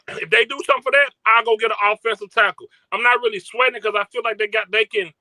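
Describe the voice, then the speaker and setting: A high, very bright male voice, recorded dry and close. He argues emphatically on a casual sports show and leans on stats to make his case. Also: steady tone, quick pace, no echo. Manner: emphatic, argumentative, cites stats.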